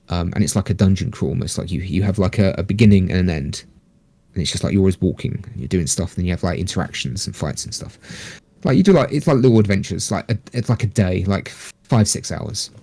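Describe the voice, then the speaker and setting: In a low, warm voice touched with vocal fry, a man appearing as a podcast guest wanders through a casual story, swearing freely and doing fast impressions of what others said. The sound is close and dry, with no echo.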